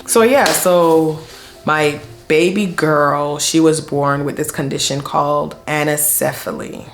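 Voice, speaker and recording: A woman's voice: deep voice, steady tone, takes it slowly, creaky. A young woman vlogger telling a personal story in casual, slangy speech full of fillers. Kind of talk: storytime vlog.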